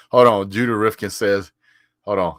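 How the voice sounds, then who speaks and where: Reading his live chat aloud, a very low-voiced sports vlogger answers viewers with chuckles and plenty of "sir" comebacks, occasionally stammering or repeating himself. His delivery is a little slow and his tone fairly bright. The audio is close and dry, without echo or room sound.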